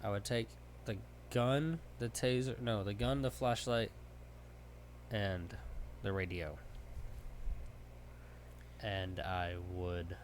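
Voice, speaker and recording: A man's voice: on the low side, fairly even intonation, a little hiss or hum. A man playing a hypothetical scenario, answering tersely and laying out his moves step by step. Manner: terse, deliberate, plans step by step. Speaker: player. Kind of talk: casual game chat.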